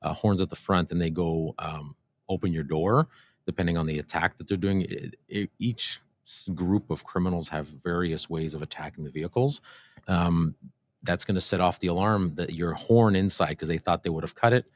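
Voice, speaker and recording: A police officer hosting a casual livestream Q&A, explaining things in a relaxed way with many fillers and restarts. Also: male voice, low-pitched, normal speed, no room sound. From Canada. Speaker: police constable and show host. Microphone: desk microphone, briefly too far from it.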